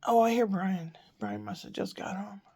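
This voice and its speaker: A woman's voice: medium pitch, sing-song, normal speed, warm tone, slightly rough. A woman vlogging from home in a meandering, chatty way, a little congested with a lingering cough. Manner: chatty, meandering, self-interrupting. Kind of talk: rambling casual chat.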